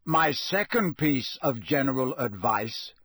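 A man voicing a gruff, blunt old male wizard in an audiobook reading, growling his lines in a husky voice. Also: mid-range voice, expressive, slow pace, dry recording, studio quality.

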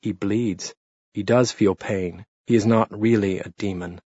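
A man voicing a horrified young man's quiet inner thoughts in an audiobook reading. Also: fairly low pitch, steady tone, a little slow, slightly rough, dry recording. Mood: shaken inward. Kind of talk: audiobook narration. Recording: dull lo-fi dry read.

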